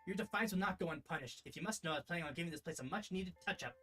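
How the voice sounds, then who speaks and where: A man's voice: on the high side, very fast, sharp tone, faint music behind. Man doing a haughty ancient fire goddess. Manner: grandiose, scolding, formal speech.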